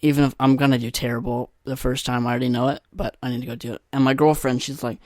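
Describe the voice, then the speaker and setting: A young man talks alone into a podcast microphone, rambling loosely and cracking crude, self-deprecating jokes. His voice sits at an ordinary middle pitch. The sound is dry and close, with no room around it. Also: little pitch movement, quick pace, hardly any pauses, dry recording. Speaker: podcast host. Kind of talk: solo casual podcast monologue.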